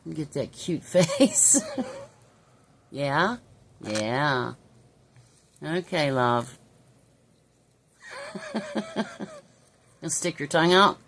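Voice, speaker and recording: A woman's voice: deep voice, very animated, drawn-out words, pauses often, fairly bright tone, slight background noise. A woman at home talking to her pet parrot in affectionate, coaxing baby talk, often chuckling as she speaks. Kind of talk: casual chat to a pet. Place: indoors at home.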